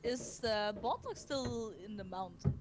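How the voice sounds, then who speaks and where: A player in a tabletop game, speaking in a halting, stumbling way. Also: medium pitch, lively intonation, background noise. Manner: halting, stumbling over words. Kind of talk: casual tabletop play.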